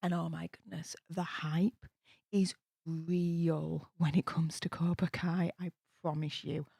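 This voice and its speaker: A British woman hosting a live stream at night, talking low and quietly but bubbly and gushing. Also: level tone, slow, gravelly, slightly rough, no echo, studio quality. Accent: British English. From United Kingdom. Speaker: livestream host. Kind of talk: casual live-stream chat, hushed. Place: home room at night.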